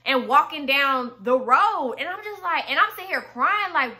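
A young woman with a high, bright voice that has a sharp edge. She tells a story straight to camera in a loose, animated way, packing every sentence with "like" and casual swearing. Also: normal speed. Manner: animated, full of "like" fillers and swearing. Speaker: vlogger telling a personal story.

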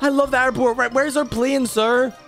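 A whiny little baby boy, put on by a man in a gaming role-play, with a very high, squealing voice. He exclaims at everything, excitable and easily scared, and faint music plays underneath. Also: moderate pace. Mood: excited.

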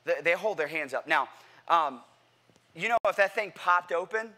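A man preaching a sermon to a church congregation, animated and playful, asking the crowd questions and acting out what people say. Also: on the high side, moderate pace. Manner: animated, playful, acts out quotes; addresses congregation directly with questions. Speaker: pastor. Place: church sanctuary.

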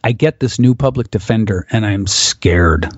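A man's voice: on the low side, expressive, moderate pace, slight background noise. A man from the United States, a guest on an interview podcast, telling a vivid personal story and acting out what others said. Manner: vivid storyteller who chuckles and acts out quotes. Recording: dull, dry lo-fi audio.

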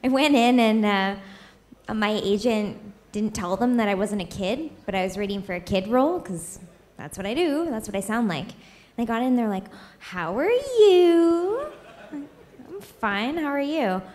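A woman's voice: medium pitch, moderate pace, a little mellow. A woman voice actor telling a playful, self-mocking anecdote on a convention panel. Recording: convention hall with audience.

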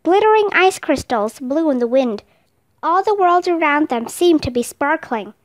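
A woman reads a children's chapter book aloud in clear, steady storytelling. Her voice sits high. The narration runs at an even pace. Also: moderate pace. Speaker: reader.

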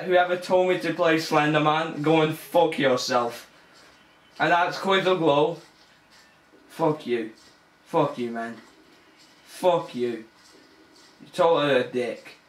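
A man's voice: fairly high pitch, echoey room. A young man commentating a horror game as he plays, nervous and easily scared, swearing and laughing. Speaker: gamer. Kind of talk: let's play commentary.

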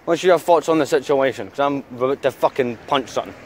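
A man's voice: medium pitch, fast, slight background noise. A man vlogging outdoors in town, chatting casually and ranting with heavy swearing. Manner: angry swearing rant. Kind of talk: casual vlog chat.

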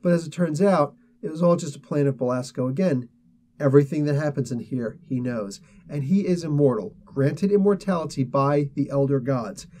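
A man with a fairly high but mellow voice hosts a casual comic book review. He retells a story in a rambling way, full of fillers and restarts. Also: moderate pace.

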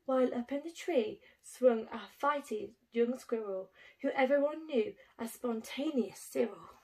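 A woman teacher reads a rhyming picture book aloud to small children. She has a high voice and a slow, unhurried pace, and she delivers the verse in an expressive, sing-song way.

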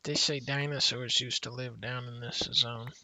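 A man streaming a game in casual chat, playful and teasing with deadpan jokes. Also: mid-range voice, moderate pace, very noisy.

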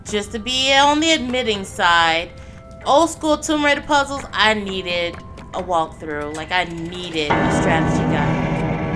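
A woman playing a horror game, reacting out loud and swearing when startled. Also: mid-range voice, slow, over music. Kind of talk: let's play commentary. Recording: background noise under the voice.

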